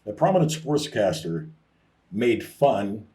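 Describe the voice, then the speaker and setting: Dark-voiced rambling man. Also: lowish voice, big pitch swings, slow, distant mic. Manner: rambling and self-interrupting, with restarts. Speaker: co-host. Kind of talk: casual sports talk chat.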